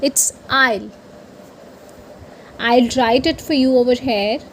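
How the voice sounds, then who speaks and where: A woman's voice: high-pitched, a little mellow, slight background noise. A woman teaching English pronunciation to camera, spelling each word out letter by letter and checking in often with "right?". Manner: deliberate, spells words out letter by letter.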